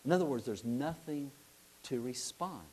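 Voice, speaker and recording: In a medium-pitched voice at normal speed, a middle-aged man gives a sermon, bringing a story to life with acted-out voices and questions for the congregation. A little hiss or hum is audible.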